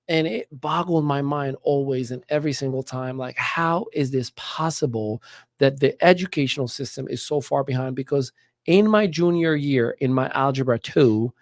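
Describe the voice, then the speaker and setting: A man from Morocco, telling school stories as a podcast guest in an animated way. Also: mid-range voice, no room sound, studio quality. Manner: animated, acts out quoted voices. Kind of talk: casual storytelling.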